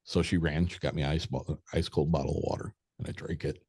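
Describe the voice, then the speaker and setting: Middle-aged man, very low voice, dry close sound, rambling and profane storyteller. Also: fairly even intonation, brisk, gravelly, warm tone, husky, dry recording. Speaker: podcast guest. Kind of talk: casual storytelling.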